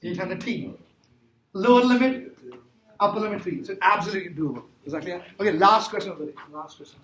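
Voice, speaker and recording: A man's voice: high-pitched, brisk, a bit bright. A man teaching a calculus class, emphatic and repetitive, quizzing his students as he works through problems. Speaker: math teacher. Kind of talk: classroom lecture. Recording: echoey classroom with faint noise.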